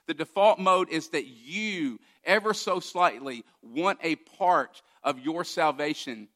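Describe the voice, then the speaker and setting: Bright-voiced, emphatic male pastor. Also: a little high, slow pace, few pauses. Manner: emphatic preaching with rhetorical questions. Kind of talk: sermon.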